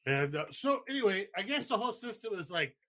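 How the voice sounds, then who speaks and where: A man hosting a loose, profane podcast chat, with a voice sitting a bit high for a man. He laughs hard and often, and he speeds up when he gets excited. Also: fast. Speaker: podcast host. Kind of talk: casual chat.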